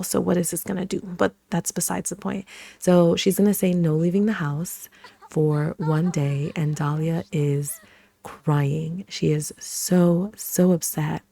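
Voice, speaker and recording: Woman gaming creator with a low, gravelly, dark voice, chatting her way through a life-sim playthrough. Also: no room sound. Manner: chatty, with lots of fillers. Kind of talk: casual life-sim let's-play commentary.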